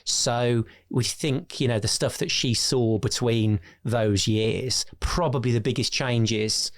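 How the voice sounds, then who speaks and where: A man's voice: mid-range voice, slow. Man telling family stories. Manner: anecdotal, self-deprecating, laughs while telling stories. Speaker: business founder, guest. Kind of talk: conversational storytelling.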